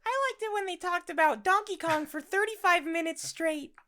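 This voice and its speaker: A man voicing a woman viewer who gushes about the podcast in a high, mock-enthusiastic voice. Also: moderate pace, sharp tone, roomy sound. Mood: gushing.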